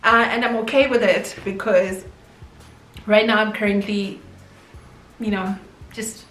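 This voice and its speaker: A young woman with a South African accent, originally from South Africa, shares a casual storytime vlog expressively with her viewers. Her medium-pitched voice sounds pushed and bright, unhurried and often pausing, with faint music and a roomy echo behind it.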